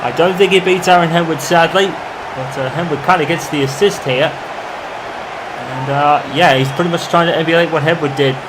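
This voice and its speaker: A man commentating over his own football video game in the style of a match broadcaster, calm between plays and erupting into shouts when a goal goes in. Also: on the high side, normal speed, background noise. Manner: excitable, bursts into shouting on goals. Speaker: gamer doing mock football commentary. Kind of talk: playful imitation of match commentary over gameplay.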